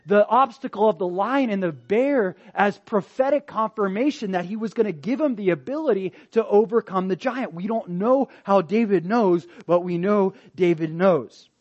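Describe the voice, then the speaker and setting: A male pastor preaching a sermon in an animated, emphatic way, swinging from loud to soft. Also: high-pitched, highs cut off.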